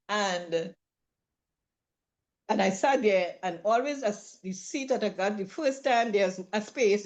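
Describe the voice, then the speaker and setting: A woman telling a travel story in casual talk, acting out the people she quotes. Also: a little high. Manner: lively, acts out quoted voices, laughs often. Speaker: trip participant sharing a story.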